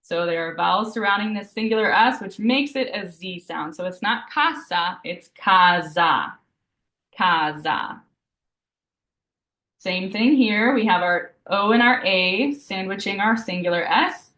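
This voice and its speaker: A woman teaching a live beginner Italian lesson, patiently explaining each rule and slowly repeating example words. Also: medium pitch, a bit bright. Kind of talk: live online language lesson. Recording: roomy echo.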